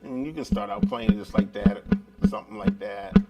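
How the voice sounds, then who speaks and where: Gravelly relaxed male guitar teacher. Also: high voice, normal speed, highs cut off. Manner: relaxed, chatty, talks to viewers directly. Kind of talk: live-streamed guitar lesson.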